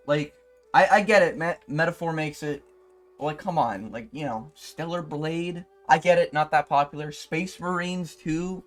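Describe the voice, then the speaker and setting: A young man YouTuber ranting in a profane, exasperated way, with sudden loud outbursts. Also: fairly high pitch. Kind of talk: ranting commentary video.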